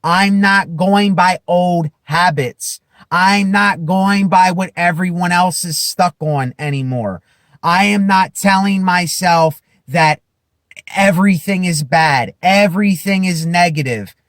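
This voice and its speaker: A man giving an impassioned self-help monologue to camera, emphatic and repetitive, building at times to loud declarations. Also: sits high, dry recording, studio quality. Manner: slow, emphatic, repeats phrases, rises to shouting declarations. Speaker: vlogger.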